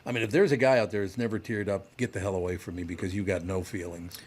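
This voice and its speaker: A man hosts his podcast with a fairly low voice and a blunt, joking way of talking. He swears offhandedly and keeps the studio chat loose. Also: steady tone, fast, a little mellow, breathy edge. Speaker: podcast host.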